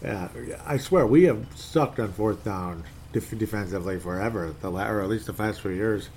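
A man's voice: on the low side, normal speed, darkish tone, slight background noise. Exasperated man rambling over sports. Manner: rambling and exasperated, reading posts aloud. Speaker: sports fan commentator. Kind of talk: casual solo sports rant.

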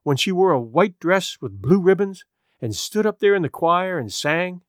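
A woman's voice: lowish voice, expressive, moderate pace, no room sound, studio quality, close to an everyday voice. A man reading aloud voices a grieving middle-aged farm wife who talks with impassioned, pleading urgency. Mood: wistful. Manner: impassioned, pleading, voice rising with feeling.

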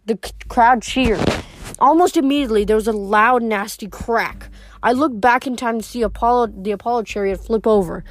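A woman reading a novel aloud as an amateur audiobook, with frequent slips and restarts. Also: on the high side. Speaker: audiobook reader.

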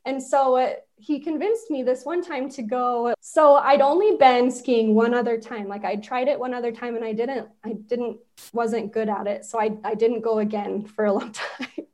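A woman's voice: a little high, moderate pace, a little mellow. A woman from Utah, a podcast guest, telling personal stories in casual conversation and laughing often as she talks.

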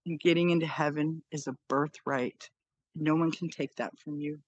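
A woman's voice: sits low, steady tone, normal speed, husky, no echo, highs cut off. A woman in her fifties, a podcast guest, earnestly telling a personal story and repeating phrases for emphasis.

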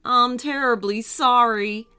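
A woman playing a sad, tired middle-aged male farmer in a children's storybook reading, speaking slowly and mournfully. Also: fairly high pitch, sharp tone, smooth. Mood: weary. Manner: slow, mournful delivery.

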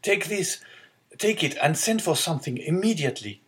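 Brief: a man doing an eager young sailor, pitched up high and pleading. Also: animated, moderate pace, fairly bright tone. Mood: joyful. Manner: earnest, pleading. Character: young male sailor, eager and devoted son. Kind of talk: audiobook character reading.

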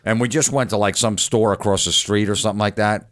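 A man in casual podcast chat, telling animated anecdotes full of impressions. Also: on the low side, quick pace, dry recording. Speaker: comedian guest.

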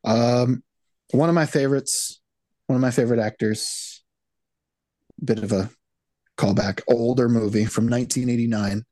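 Halting man co-host, dry sound. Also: medium pitch, fairly even intonation, warm tone, no room sound. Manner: halting, repeats words. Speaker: podcast co-host. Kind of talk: casual chat.

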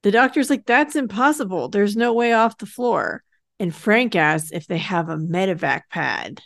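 A woman's voice: mid-range voice, expressive, moderate pace, vocal fry, no room sound. A woman co-hosting a podcast, casually retelling a TV episode's plot and acting out the characters' lines in passing. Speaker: podcast co-host recapping a TV episode. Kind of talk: casual recap narration.

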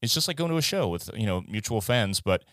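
A man's voice: lowish voice, very animated, fast talker, a bit bright, no echo, studio quality. A man guesting on a podcast, talking casually in a rambling, profane way with many restarts. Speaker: guest musician.

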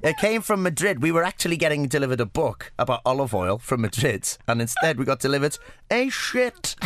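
A man's voice: mid-range voice, sing-song, fairly bright tone, no echo. A man co-hosting a podcast, chatting and interviewing a guest in a jokey way. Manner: jokey, chatty, quick asides. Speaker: podcast co-host. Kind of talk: casual podcast chat.

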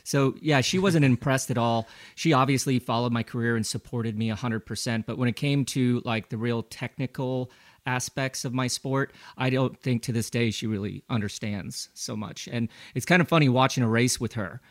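A man's voice: medium pitch, fairly even intonation, moderate pace, dry recording. Brief: male interview guest with a mid-range voice, an anecdotal storyteller, recorded dry and close. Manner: easygoing anecdotal storyteller who acts out quoted lines. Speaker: guest, former pro cyclist.

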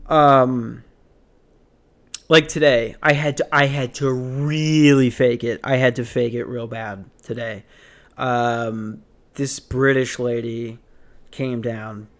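A man's voice: mid-range voice, little pitch movement, slow. A man hosting a podcast, ranting casually in a rambling, profane, sardonic way with sighs and restarts. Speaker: podcast host.

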